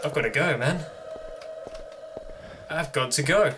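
A man's voice: a little high, a little slow, heavy background noise. A young man commenting on a horror game as he plays, jumpy and joking to himself. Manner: jumpy, jokey, talking to himself. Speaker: gaming video host.

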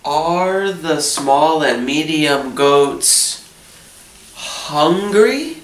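A man's voice: a little high, fairly bright tone. A man teaching an English lesson, asking simple questions about a story and then answering each one in plain words. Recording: echoey room, voice from a distance.

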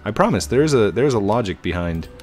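A man in his thirties giving casual, chatty commentary while gaming, excitable and breaking into high squeals. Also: a little fast, soft background music. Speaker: YouTuber.

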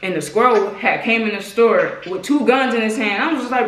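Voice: mid-range voice, quick pace, few pauses, fairly bright tone. A young adult vlogger, chatting casually and spinning rambling nonsense stories on prank phone calls. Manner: playful, laughing, making up rambling nonsense stories. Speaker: channel host. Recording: echoey room, faint hiss.

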